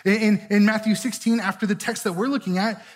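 Male pastor, casual sermon delivery, husky tone, tag questions throughout. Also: sits high, steady tone, brisk. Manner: conversational, keeps asking "right?".

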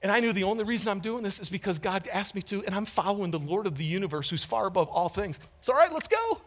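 A man preaching a sermon as pastor, candid and conversational, swinging from loud emphatic peaks to hushed moments. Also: sits high, fast talker.

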